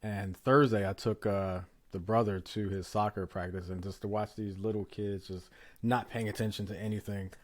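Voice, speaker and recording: A man with a fairly low-pitched voice hosts a podcast, chatting easily. He pauses often and fills the gaps with ums and uhs as he tells stories. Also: steady tone. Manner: easygoing, many ums and uhs. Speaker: podcast host. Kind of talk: casual conversation.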